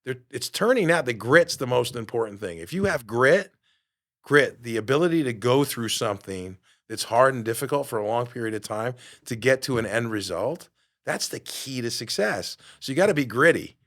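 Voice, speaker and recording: A man's voice: medium pitch, expressive, normal speed, fairly bright tone. A middle-aged man hosting a motivational podcast. He talks emphatically and a little preachy, throws rhetorical questions at the listener and swears casually. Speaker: podcast host.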